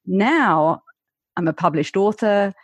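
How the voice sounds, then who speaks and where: A woman's voice: medium pitch, expressive, takes it slowly, no echo. A woman with an English received pronunciation accent, a guest author and former broadcaster, talking articulately with wry humor. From Britain. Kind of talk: interview conversation.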